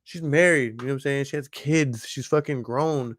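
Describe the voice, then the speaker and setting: A man's voice: mid-range voice, normal speed, no room sound, studio quality. A man hosts a podcast in casual chat, rambling and swearing a lot and often asking whether you follow him. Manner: profane, rambling, keeps asking "you know what I'm saying". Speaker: podcast host.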